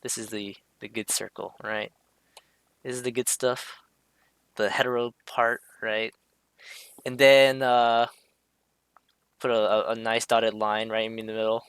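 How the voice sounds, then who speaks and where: A man's voice: fairly low pitch, steady tone, unhurried, long pauses, a bit bright, clear, resonant tone. A man talking casually over a drawing, hesitant, with many fillers and restarts. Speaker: streamer explaining a drawing.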